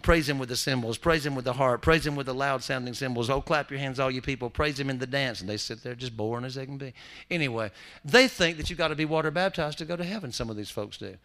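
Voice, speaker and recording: A man preaching in a church. His delivery is folksy and humorous, and he swings from soft asides to loud, ringing lines. His pitch sits in a middle range for a man. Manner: folksy, joking preacher with lively swings in loudness. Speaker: pastor. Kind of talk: sermon.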